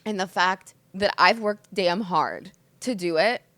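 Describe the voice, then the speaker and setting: A woman in her mid-twenties from the States talks alone on her podcast, open and emotional, swearing often and leaning on "like." Her voice sits a little low, and the sound is dry and close with no room echo. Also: unhurried. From United States. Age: 20s. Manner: candid, expressive, swears often, says "like" a lot. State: emotional, hungover. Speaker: podcast host. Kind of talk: emotional solo podcast monologue.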